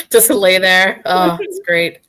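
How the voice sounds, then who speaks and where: A woman's voice: fairly low pitch, very animated, slow, sharp tone, low-quality recording. Playful woman host, voice bounces around a lot, casual chat. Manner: upbeat, playful. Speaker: podcast host.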